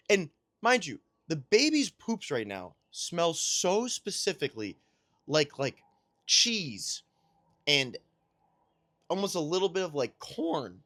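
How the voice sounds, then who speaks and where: A man's voice: on the high side, sing-song, normal speed, a bit bright, no echo. A man chatting casually about his week as a new father, telling rambling, self-deprecating stories. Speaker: podcast host and new father. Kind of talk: casual chat.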